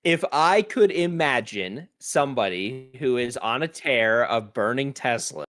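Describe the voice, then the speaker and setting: Animated, profane male podcast ranter. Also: medium pitch, a little slow. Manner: profane, animated, laughing often. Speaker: podcast co-host. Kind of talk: casual podcast rant.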